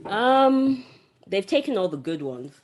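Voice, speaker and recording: A woman co-hosting a podcast, reacting loudly and laughing in a casual group chat. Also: mid-range voice, big pitch swings, measured pace, soft background music. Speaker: podcast co-host.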